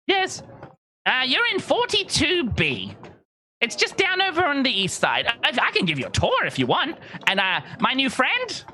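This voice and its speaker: A man's voice: very high voice, wildly swooping pitch, normal speed, pushed and bright, a little hiss or hum, voice pushed up, full character voice. A man voicing a chirpy, eager little male dwarf who mans a market booth and trips over his rehearsed lines. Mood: friendly.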